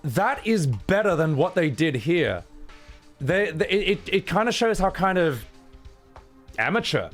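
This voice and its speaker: A man casually commenting on a video game as a YouTuber, animated and jokey. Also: a little high, measured pace, long pauses, faint music behind. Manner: animated, jokey, breaks into silly voices.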